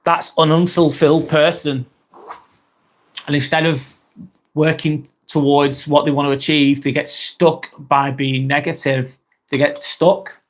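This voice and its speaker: A man's voice: on the high side, level tone, measured pace. A British man hosting a live vlog, chatting casually and reading out viewer comments, rambling onto tangents and swearing freely. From Britain.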